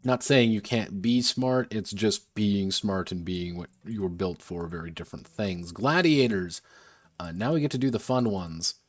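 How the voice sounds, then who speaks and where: Brief: deep-voiced man, designer thinking aloud on stream, mutters and second-guesses himself, dry close sound. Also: moderate pace, no room sound, soft background music. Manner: muttering, self-correcting, casual swearing. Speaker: game designer streaming his work. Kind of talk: thinking aloud while designing a tabletop game.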